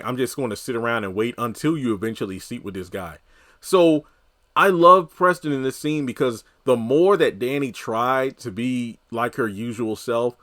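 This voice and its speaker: A man's voice: medium pitch, fairly bright tone. Rambling man in casual commentary. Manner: conversational, rambling, heavy on fillers. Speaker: TV recap commentator.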